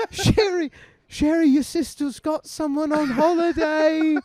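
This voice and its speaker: A man's voice: extremely high pitch, steady tone, takes it slowly, darkish tone, dry recording, voice pushed up. A man voicing a cheerful, doting middle-aged mother in a chirpy, fussing sing-song while telling a comic story. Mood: cooing.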